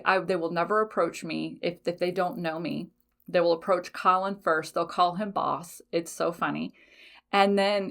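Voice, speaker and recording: A woman's voice: on the low side, a bit bright. A woman hosting a podcast in a casual solo chat, laughing often, swearing lightly and correcting herself as she goes. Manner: frequent fillers, self-corrections. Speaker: podcast host.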